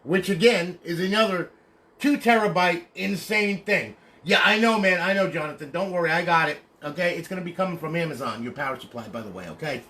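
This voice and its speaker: A man's voice: high-pitched, fairly quick, bright, forceful tone. A man selling and demonstrating modded consoles on a casual livestream, talking bluntly, ranting, and asking "okay?" after nearly every point. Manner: swears casually.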